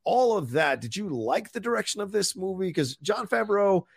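Podcast co-host, man, rambling casual talker, gravelly and dry. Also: high-pitched, expressive, moderate pace, no room sound. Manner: rambling, reads viewer comments aloud. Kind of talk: casual live film chat.

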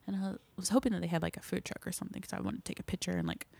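A woman's voice: fairly low pitch, fairly even intonation, very fast, creaky, a little mellow, husky, dry recording. A young woman, an actor, telling a casual story in an interview with lots of fillers. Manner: chatty, filler-heavy, laughing storyteller. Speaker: actor guest.

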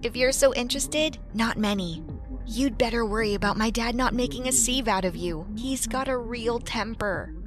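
A young woman narrating a first-person story with a lively, dramatic telling. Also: fairly high pitch, moderate pace, over music.

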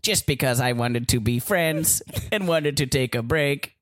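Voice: mid-range voice, a little slow, fairly bright tone, dry recording, close to an everyday voice. An improviser doing a jilted, bickering Martian lover. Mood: accusing. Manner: accusing, petulant improv bickering. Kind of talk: improv comedy scene.

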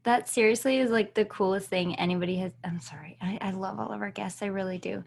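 A woman's voice: mid-range voice, steady tone, fast, creaky, a little mellow. Enthusiastic woman podcast host. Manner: enthusiastic, effusive. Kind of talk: casual chat.

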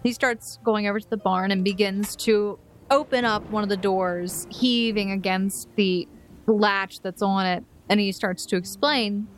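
A woman narrating scenes as game master in a tabletop game, steady and descriptive. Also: mid-range voice, a little slow, slight background noise.

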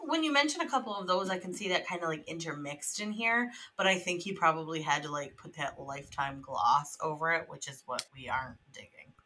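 A young woman co-hosts a casual podcast chat. Her voice sits fairly low but leaps around with lively swings, bright in tone. She swears freely and breaks into laughter often. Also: a little fast, hardly any pauses, poor audio. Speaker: podcast co-host.

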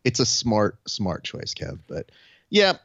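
A man's voice: fairly low pitch, wildly swooping pitch, takes it slowly, vocal fry, a bit bright, husky, dry recording, highs cut off. A man co-hosting a podcast, telling loose, profane stories and acting out the voices of people he quotes. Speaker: podcast co-host. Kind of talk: casual chat.

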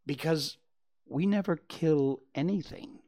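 A man doing a calm patient mother doe. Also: a little high, takes it slowly, voice pushed up. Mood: reassuring. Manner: calm, brief, reassuring.

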